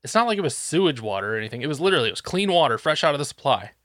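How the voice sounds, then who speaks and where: A man's voice: on the high side, big pitch swings, rapid-fire, a bit bright, no room sound, studio quality. A man telling a work story in casual chat, ranting and swearing with exasperation.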